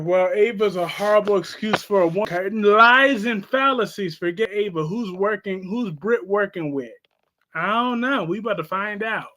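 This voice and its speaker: A man with a very high, bright and sharp voice chats on a live stream. He talks in a sassy, expressive way and answers his chat as he goes.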